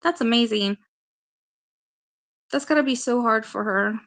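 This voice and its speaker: A woman's voice: on the high side, unhurried, a bit bright. A woman hosting a casual livestream, talking earnestly and emotionally straight to her viewers and reassuring them. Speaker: livestream co-host and advocate.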